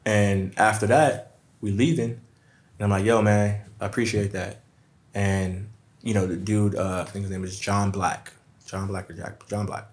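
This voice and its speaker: A low-voiced man, a podcast guest spinning animated stories and slipping into other people's voices as he quotes them. The sound is roomy and echoey, as if recorded in an untreated room. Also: moderate pace. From Brooklyn, New York. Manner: animated storyteller, acts out quotes. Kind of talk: casual storytelling chat.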